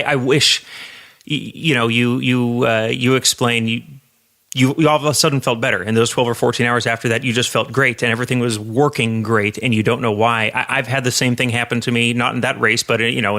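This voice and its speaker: Male podcast host, bright tone, halting and repetitive delivery. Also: medium pitch. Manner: stammering, repeats words while thinking. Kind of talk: casual interview chat.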